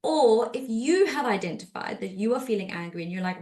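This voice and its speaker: A woman's voice: fairly high pitch, brisk. Woman therapist in casual podcast talk. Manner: conversational, with many fillers and restarts; acts out quoted speech in lively voices.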